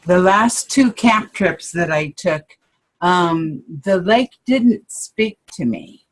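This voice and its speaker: A woman co-hosting a casual spiritual chat, speaking hesitantly with many pauses and restarts. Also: on the low side, lively intonation. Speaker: co-host.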